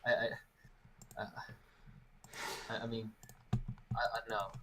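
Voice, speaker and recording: A man's voice: medium pitch, little pitch movement, slow pace. A man chatting as a friend on a game stream, teasing and repeating words as he hesitates. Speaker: co-host friend. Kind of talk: casual chat on a game stream.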